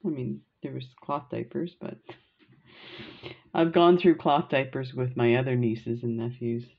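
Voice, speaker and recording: A woman's voice: rumbling low, steady tone, a little slow, vocal fry, lo-fi sound. An older woman telling funny family stories in a chatty, laughing way while doing a beading craft. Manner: chatty, laughing, rambling anecdotes. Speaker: crafting vlogger. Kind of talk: casual storytelling while beading.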